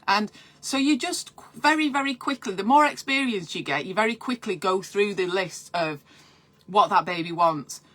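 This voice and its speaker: A midwife talks casually through breastfeeding advice from home, her voice bright and forward. She wanders off topic to chat with viewers before finding her thread again. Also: mid-range voice, animated, moderate pace. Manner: chatty and digressive, breaks off to read viewer comments. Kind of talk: live-streamed breastfeeding advice.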